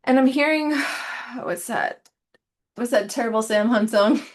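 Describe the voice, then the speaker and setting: A woman giving a casual, meandering tarot reading, soft and giggly, repeating words playfully. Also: a little high, a little slow. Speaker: tarot reader.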